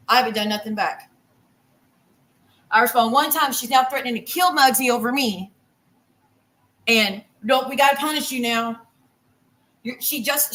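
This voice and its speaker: A woman delivers a heated, profanity-laced rant on her livestream. Her voice is bright and somewhat high, and she talks in rambling, repetitive bursts while cooking in her kitchen. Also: poor audio.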